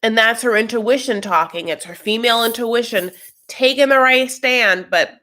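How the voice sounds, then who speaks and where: A man's voice: extremely high pitch, moderate pace, pushed and bright. A man hosting a reality TV reaction show, recapping in a sassy, gossipy, campy way. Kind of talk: casual TV recap commentary.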